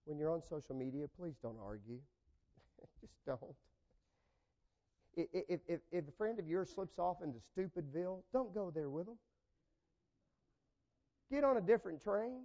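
A man preaching a sermon, swinging from loud, raised points down to quiet, low asides and acting out the people in his examples. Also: animated, normal speed, long pauses, highs cut off. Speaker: pastor.

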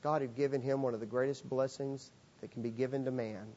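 A man's voice: mid-range voice, fairly even intonation, brisk, dark tone, dull audio, slight background noise. A man preaching a sermon, earnest and emphatic, repeating key phrases for weight. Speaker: pastor.

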